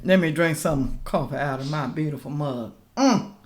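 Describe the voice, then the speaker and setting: A middle-aged woman who vlogs political commentary reacts casually, reading news aloud and calling out to viewers as "y'all." Her voice is low and her speed normal, though she rises into loud, emphatic questions.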